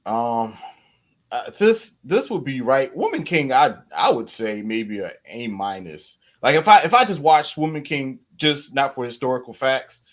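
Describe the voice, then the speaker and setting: A man speaking as a guest in a casual movie review chat, animated and full of stammering restarts. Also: mid-range voice, measured pace. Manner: animated, stammering restarts, frequent "you know".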